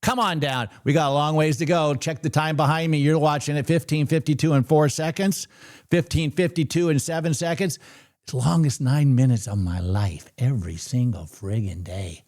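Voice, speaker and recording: A man hosting a live trading stream, talking in an animated, ranting and excitable way. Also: on the high side, normal speed.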